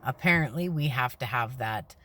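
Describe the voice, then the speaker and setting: A woman giving a rambling, earnest spiritual talk while parked in her car beside a busy highway. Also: expressive, moderate pace, fairly bright tone, dry recording. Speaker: spiritual vlogger. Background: traffic noise.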